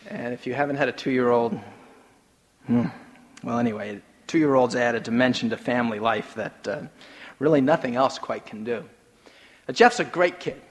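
A man preaching a sermon, telling stories with humor and swinging between soft, low remarks and emphatic, rising lines. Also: long reverb tail. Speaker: pastor.

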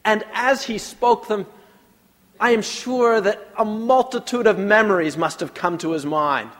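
A man preaching a sermon, leading a prayer and telling a story, swinging from loud to hushed. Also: high voice, a little slow. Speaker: pastor. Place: church sanctuary. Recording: long reverb of a large hall.

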